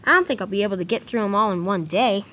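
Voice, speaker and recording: A woman's voice: medium pitch, fast, a bit bright, natural voice. A woman voicing a weary, overworked male toy engine who grumbles about his trucks in a homemade train story.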